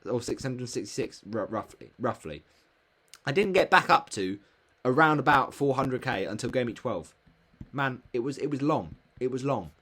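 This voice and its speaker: Young man, solo football talk, expressive pitch, chatty and exasperated. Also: moderate pace. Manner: animated, exclaiming and complaining about players. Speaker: fantasy football channel host. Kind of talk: casual solo review commentary.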